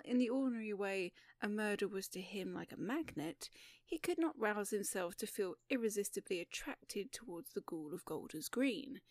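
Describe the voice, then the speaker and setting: A woman narrating a classic story in a measured, expressive reading voice. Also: fairly high pitch, no echo, studio quality. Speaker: audiobook narrator.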